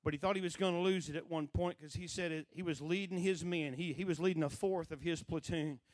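A middle-aged man preaching, telling a story with lively acted-out voices. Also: a little high, brisk, no room sound. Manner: animated storyteller who acts out quoted voices. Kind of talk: sermon storytelling.

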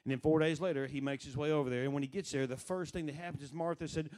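A man delivers a conversational sermon, pausing to quiz the congregation directly. His speaking voice sits a little higher than most men's, and he acts out the voices he quotes. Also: fairly even intonation, a little mellow. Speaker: preacher.

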